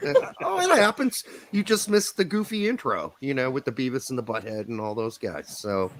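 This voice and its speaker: A man's voice: medium pitch, big pitch swings, normal speed. A man hosting a podcast on a video call from home, chatting casually with lots of fillers and easy laughs. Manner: laid-back, laughing, rambling with fillers. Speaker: podcast host. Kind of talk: casual live-stream chat. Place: home in Indiana.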